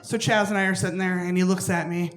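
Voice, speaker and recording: A woman's voice: lowish voice, steady tone, fast, echoey room. A young adult woman doing a stand-up routine on a comedy club stage, brash and swearing, acting out other people with big jumps in her voice.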